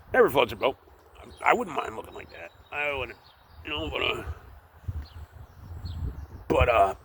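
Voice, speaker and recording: A man with a low, gravelly voice rambles on and swears, with lots of "you know" and "like". He talks into the camera outdoors from up in a tree. Clear outdoor noise runs under the recording. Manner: rambling, profane, with many fillers. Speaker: tree worker vlogging. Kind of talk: casual rambling monologue.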